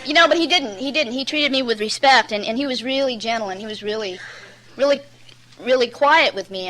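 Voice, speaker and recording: Woman, recovery meeting speaker: bright, high-leaning voice, blunt, rambling storyteller. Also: brisk, poor audio. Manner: candid, rambling storyteller, many "you know"s; plain-spoken and blunt. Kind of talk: personal testimony at a recovery meeting.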